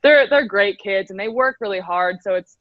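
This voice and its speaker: A woman's voice: mid-range voice, moderate pace, no echo. Upbeat young woman, laughs often. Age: 20s. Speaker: professional swimmer guest. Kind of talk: casual interview chat. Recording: dry, slightly dull audio.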